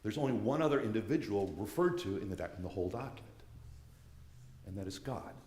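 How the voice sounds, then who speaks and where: A man's voice: fairly low pitch, lively intonation, a little fast, darkish tone, slight background noise. A man giving an earnest lecture, often restarting his phrases. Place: church. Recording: echoey, reverberant hall.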